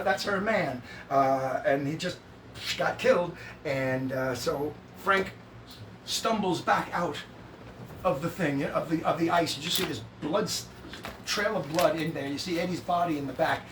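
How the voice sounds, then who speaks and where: A man retells a stage show in a lively, tumbling way, his voice pitched high for a man. He sounds distant in an echoey room, with guitar music playing behind him. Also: background noise. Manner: lively, laughing, restarts mid-sentence. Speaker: storyteller on a live stream.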